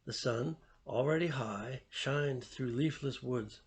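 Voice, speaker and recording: Gravelly man reading a story aloud. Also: mid-range voice, slow.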